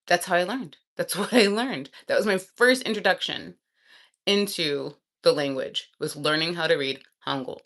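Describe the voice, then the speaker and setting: A woman vlogger chatting casually and thinking aloud, excitable and quick to laugh. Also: fairly low pitch.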